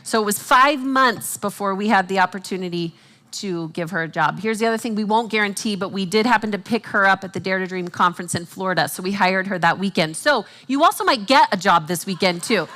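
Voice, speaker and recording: A woman speaking at a Christian conference, teaching with animated asides and jokes for the audience. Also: mid-range voice, a little fast. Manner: animated, quotes herself and others in acted voices.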